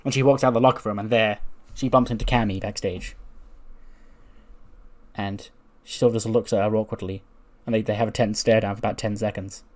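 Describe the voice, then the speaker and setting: A man's voice: lowish voice, steady tone, fairly quick. A man casually narrating his wrestling game playthrough, with lots of fillers. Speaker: game streamer. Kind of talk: let's play commentary.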